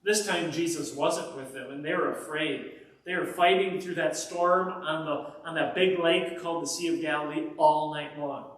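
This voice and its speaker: Male pastor, kids' sermon storyteller, fairly high voice, heavy echo, recorded from far off. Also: moderate pace. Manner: animated storyteller addressing kids. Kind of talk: children's message storytelling. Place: church. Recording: echoey church from far off.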